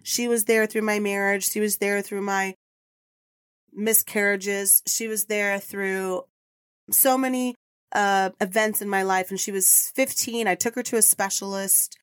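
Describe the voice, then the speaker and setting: A woman's voice: mid-range voice, fairly even intonation, a little slow, clean tone, dry recording, clean studio sound. A middle-aged woman hosting a podcast, telling a personal story in an earnest, rambling, emotional way. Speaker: podcast host.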